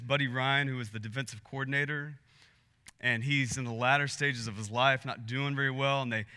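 A man's voice: medium pitch, bright, forceful tone, long reverb tail. A man preaching a sermon as pastor, telling a story in an earnest way that builds in intensity.

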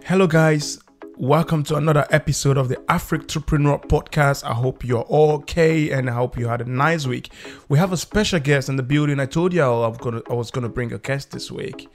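A man's voice: a little high, fairly quick, soft background music. A man hosting a podcast, asking eager questions with frequent restarts. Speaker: podcast host. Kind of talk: conversational interview.

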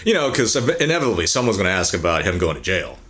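Low-voiced man hosting a casual podcast. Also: fast talker. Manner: animated storyteller, acts out quotes. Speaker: podcast co-host. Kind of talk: casual chat.

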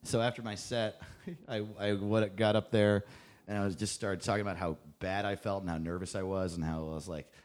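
A man's voice: fairly low pitch, steady tone, fairly quick, a little mellow. A young man, a comedian guest on a podcast, telling a rambling story full of "like" fillers.

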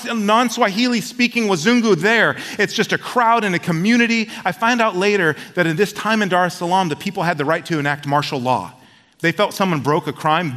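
A man preaching a sermon and telling a personal story, swinging from loud outbursts to hushed tones. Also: high voice. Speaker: pastor. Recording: long hall reverb.

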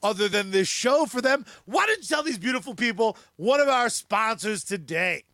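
A man co-hosting a podcast, joking around and reading sponsors with excitable bursts of shouting. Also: high-pitched, moderate pace, dry recording. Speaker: podcast co-host. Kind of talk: casual chat and sponsor reads.

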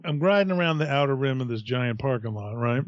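A middle-aged man, a podcast co-host, telling a profane, animated story in casual chat. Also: mid-range voice, quick pace, dry recording, muffled recording.

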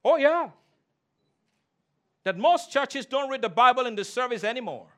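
A man's voice: very high voice, animated, moderate pace. A man preaching a sermon as pastor, emphatic, calling for responses from the congregation and repeating key phrases for emphasis.

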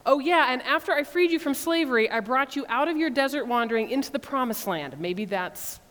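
A woman's voice: high voice, animated, fairly quick, voice pushed up. A woman preacher voicing God, who sounds exasperated and hurt as He pleads with His people. Recorded in a reverberant church hall. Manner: exasperated, incredulous, then gently reproachful.

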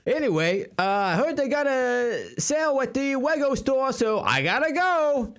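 A man's voice: very high voice, very animated, unhurried, fairly bright tone, voice pushed up, full character voice. A man voicing a breezy, evasive male billionaire playboy in a raised, falsely cheerful voice.

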